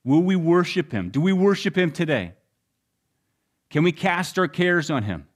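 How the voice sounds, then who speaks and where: A young adult man preaching a sermon, telling the story with shifts between loud and hushed delivery. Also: on the high side, big pitch swings, normal speed. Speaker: pastor.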